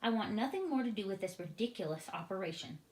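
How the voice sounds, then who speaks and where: A woman's voice: mid-range voice, lively intonation, quick pace, a little mellow, lightly acted. Brief: blustering, short-fused army general man, read by a woman, storybook, echoey room. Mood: indignant. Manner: indignant, snapping. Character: blustering male army general, hot-tempered. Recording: roomy echoing room.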